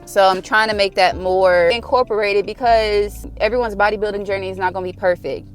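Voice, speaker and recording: A woman's voice: medium pitch, steady tone, fairly quick, soft background music. A young woman, talking to camera in a casual confessional vlog. She chats loosely, with lots of "like" and "y'all", and speaks from the heart about her faith. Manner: chatty, says "y'all" and "like" often, heartfelt and faith-driven. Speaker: vlogger.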